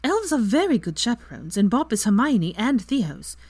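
A woman reading aloud and voicing a calm, knowing young witch who gives matter-of-fact advice. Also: a little high, normal speed, slightly rough, dry recording, voice pushed up.

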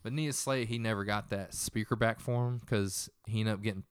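A man's voice: on the low side, steady tone, brisk, clean tone, dry recording, clean studio sound. A young man casually retelling a tense story in a profane, rambling way.

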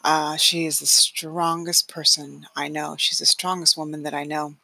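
Husky bright-voiced woman podcaster. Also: deep voice, level tone, moderate pace. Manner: chatty, many fillers and restarts, laughs often. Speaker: podcast host. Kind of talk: personal storytelling monologue.

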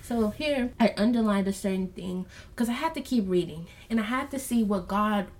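Woman, podcast host, earnest, preachy, says y'all a lot, reads verses softly. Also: mid-range voice. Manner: reads scripture aloud slowly and softly. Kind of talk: casual Bible study podcast.

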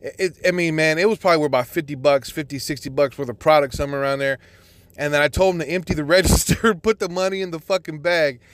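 A man's voice: a little high, quick pace, fairly bright tone, dry recording. Profane man telling a rambling story. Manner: profane, rambling, with many restarts. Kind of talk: casual spoken storytelling.

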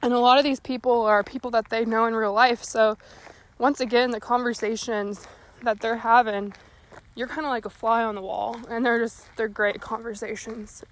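A young woman chats on her podcast while walking, slightly out of breath. Her voice sits a little higher than usual, and she rambles in a folksy, earnest way. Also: flat delivery, moderate pace. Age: young adult. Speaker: podcast host. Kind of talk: casual solo talk. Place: walking outdoors.

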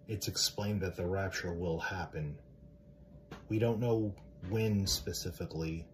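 Deep-voiced male podcaster, earnest and direct, loose rambling delivery. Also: darkish tone, a little hiss or hum. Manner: rambling, with many fillers and restarts. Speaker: Christian podcaster. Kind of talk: casual religious talk.

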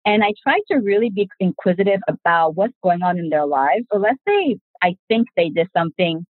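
Forties woman, husky and lowish, earnest podcast guest, tinny phone-like audio. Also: expressive, a little fast, no room sound. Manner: earnest, reflective, speaks in long connected sentences. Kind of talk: casual podcast conversation.

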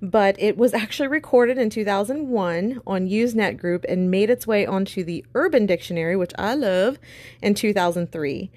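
A woman co-hosts a podcast in a medium-pitched, slightly mellow voice, animated and at a normal speed. Her casual chat is playful and full of laughter.

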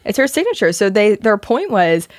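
A woman's voice: mid-range voice, sing-song, normal speed, no room sound, clean studio sound. A woman with a Philadelphia accent co-hosting a podcast, chatting casually with lots of fillers and laughs. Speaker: podcast co-host. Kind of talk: casual chat.

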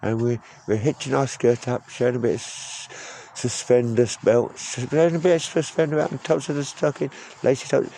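A man's voice: medium pitch, fairly even intonation, normal speed, gravelly, mellow, a little hiss or hum, lightly acted. A man voicing a brassy female sex-line worker who teases a caller, tripping over his words as he goes. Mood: teasing. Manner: playful, teasing, stumbling over words.

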